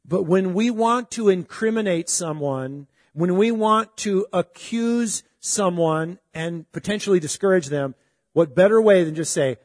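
A man's voice: sits high, measured pace, no echo, clean studio sound, big-room sound. A middle-aged man preaching a sermon in a conversational, emphatic way, often asking his listeners questions. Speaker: pastor.

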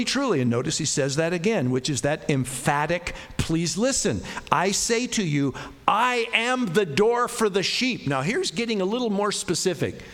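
A middle-aged male pastor delivering a sermon in a slightly higher voice than most men. He talks in a loose, conversational way, with asides and jokes about himself. When he quotes scripture he slows down and leans on each word. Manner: conversational, self-deprecating, emphatic on scripture quotes.

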